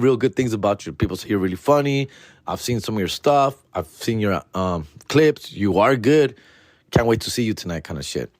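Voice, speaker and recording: A man's voice: mid-range voice, dry recording. A comedian from California tells a story on his podcast. He is slangy and profane and acts out every quote. The sound is dry and close, with no room in it. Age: adult, father. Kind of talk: casual storytelling.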